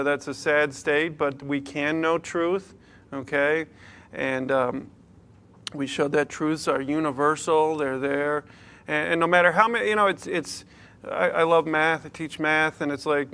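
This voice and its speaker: Clear-voiced young pastor, chatty sermon. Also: male voice, a little high, a bit bright. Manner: conversational storytelling with nervous restarts and laughs; asks the audience rhetorical questions.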